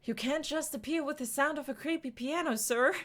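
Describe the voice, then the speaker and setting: A woman's voice: high voice, fairly quick, a bit bright, voice pushed up. A woman reading a wry gas station cashier. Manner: sarcastic, playful.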